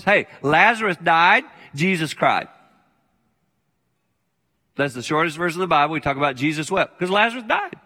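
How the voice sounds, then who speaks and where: A man's voice: on the high side, sharp tone. Older male pastor preaching in a hall. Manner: conversational preaching, plain-spoken, repeats key phrases. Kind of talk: sermon. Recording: long hall reverb.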